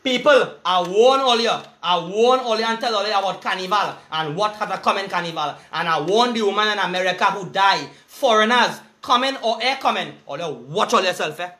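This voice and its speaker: A man's voice: high voice, fairly quick, few pauses, bright, forceful tone. A man with a Trinidadian accent delivering an angry, profane street rant in heavy Creole dialect, cursing and making threats. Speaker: vlogger.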